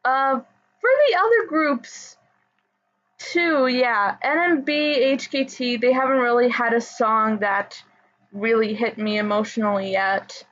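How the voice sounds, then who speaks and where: A woman chatting casually as a pop music fan, rambling with fillers and soft laughs. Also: fairly high pitch, slow. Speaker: idol fan commentator. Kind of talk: casual chat. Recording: dull lo-fi audio.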